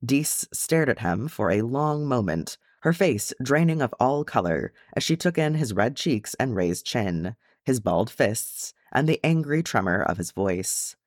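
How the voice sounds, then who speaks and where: A man reading fan fiction aloud as an audiobook, narrating in an expressive storytelling way. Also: mid-range voice, measured pace, hardly any pauses, no room sound, clean studio sound. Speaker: audiobook reader.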